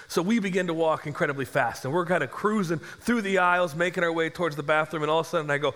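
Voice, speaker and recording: A man in his forties, a pastor, telling a comic story in a sermon and acting out the dialogue with lively energy. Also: a little high, fairly quick. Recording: long echo of a large hall.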